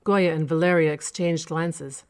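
A woman narrating a horror short story in a steady, measured reading for a radio show. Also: low voice.

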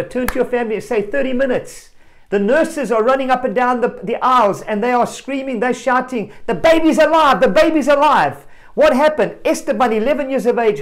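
A male preacher giving a family sermon, telling a story with animated energy and calling out directly to children and parents. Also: very high voice. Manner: animated storyteller, rising to loud exclamations.

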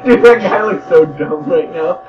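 A man's voice: a little high, normal speed. A man co-commentating a game, teasing and wisecracking with a giggly manner. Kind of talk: casual gameplay commentary. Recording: echoey, distant, dull sound with game music.

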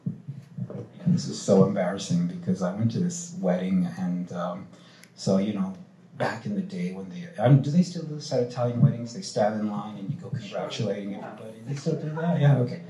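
A man on a panel telling lively stories, acting out the voices of the people he quotes and swearing freely. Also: lowish voice, brisk, roomy sound, poor audio. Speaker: playwright panelist. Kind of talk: animated storytelling on a panel. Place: cultural institute event hall.

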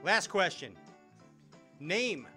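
A man hosting a talk show, running a joking quiz game with lively, laughing delivery. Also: high voice, extremely slow, faint music behind.

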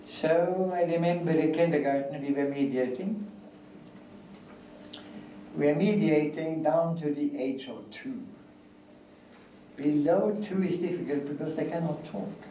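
An older man speaks deliberately in a lecture hall, with a fairly high but mellow voice, repeating key phrases for weight. He is picked up from a distance, so the sound is roomy and carries a faint hiss. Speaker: guest lecturer. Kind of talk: academic lecture answering questions.

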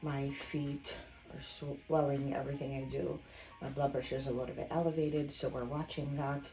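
A woman's voice: rumbling low, level tone, moderate pace, mellow, soft background music, low-quality recording. A pregnant woman in her twenties, from Jamaica, talking candidly and out of breath in a casual vlog. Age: 20s. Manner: candid, chatty, unfiltered. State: out of breath, tired. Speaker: vlogger.

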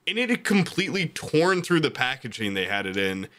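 A young man chatting on a podcast, spinning a story with wild swings of pitch. His tone is bright and forward. He keeps jumping into high squeaky voices to quote people. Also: sing-song, fairly quick. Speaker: podcast co-host. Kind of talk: casual storytelling chat.

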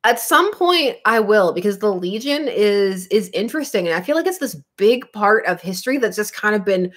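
A woman's voice: medium pitch, expressive, moderate pace, fairly bright tone. A woman in her thirties from Canada with a Canadian accent, chatting casually on her comics livestream, laughing often between chatty asides.

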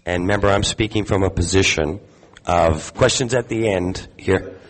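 A man giving a live sermon to a congregation, talking conversationally, putting questions to the room and filling pauses with ums. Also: sits low, rough recording. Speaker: teacher at a congregation gathering. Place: gathering hall with audience.

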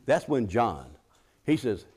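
A man's voice: medium pitch, big pitch swings, takes it slowly, darkish tone, breathy edge. A middle-aged man preaching a sermon in a folksy, conversational way, often restarting his sentences and acting out the scripture quotes.

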